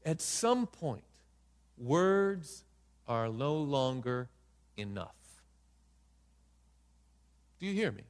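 A man's voice: mid-range voice, very animated, extremely slow, long pauses, clean tone. A man preaching a sermon in a dramatic style, questioning his listeners. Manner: dramatic, acts out voices in quotes, asks the audience questions. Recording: reverberant hall.

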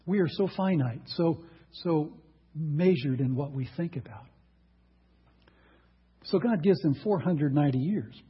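Husky preacher man, lo-fi. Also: a little high, expressive, unhurried, long pauses. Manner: emphatic, rhetorical questions to the audience. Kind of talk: sermon.

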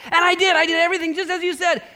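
A preacher voicing an eager young farmer's son who talks in a pleading, excited rush. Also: male voice, fairly quick, smooth. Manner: pleading, excited, voice jumps high.

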